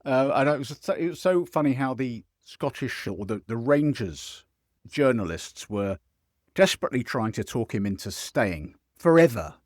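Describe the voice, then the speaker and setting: A man hosting a casual football podcast over a video call, animated and sweary, often slipping into mimicry. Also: mid-range voice, moderate pace, no echo, studio quality. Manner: animated, sweary, mimics others in put-on voices. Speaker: podcast host. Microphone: video call mic.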